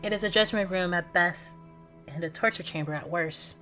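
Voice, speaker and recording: A woman streamer reading a game's story aloud, animated and breaking off with startled exclamations. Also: fairly low pitch, moderate pace, faint music behind.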